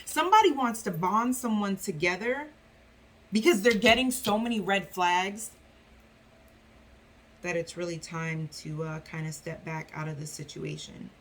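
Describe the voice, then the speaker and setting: A woman giving a casual tarot reading to viewers, talking in a loose, chatty way with many fillers. She often slips into quick acted-out voices for the people and spirits she describes. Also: on the low side, a bit bright, slight background noise. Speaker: tarot reader.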